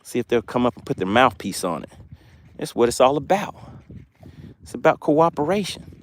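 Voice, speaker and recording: A man's voice: mid-range voice, sing-song, normal speed, slight background noise. A man on a lake boat hosting a casual fishing livestream, chatting and reading viewer comments aloud. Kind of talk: casual live-stream commentary.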